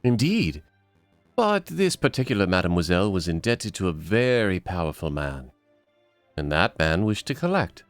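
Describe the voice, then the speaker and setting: Man doing a smooth con-man noble with fake accent. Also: low-pitched, sing-song, moderate pace, dry recording, faint music behind. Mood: conspiratorial. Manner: theatrical fake foreign accent, courtly.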